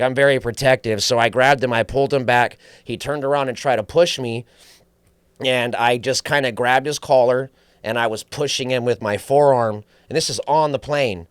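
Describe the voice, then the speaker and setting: A man's voice: medium pitch, smooth, dry recording. A man guest on a podcast, telling stories in casual chat with profanity, acting out quoted voices. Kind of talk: casual storytelling.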